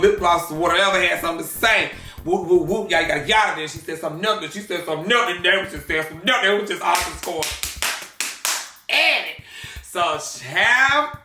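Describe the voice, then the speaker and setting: A man hosting a gossip reaction show, sassy and animated, with drawn-out exclamations. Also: on the high side, roomy sound. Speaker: gossip commentary host. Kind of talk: reaction commentary.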